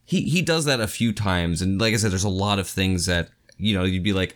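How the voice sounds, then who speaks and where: Very deep-voiced man on a podcast. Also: brisk, few pauses. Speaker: podcast co-host. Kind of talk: reading aloud, then casual discussion.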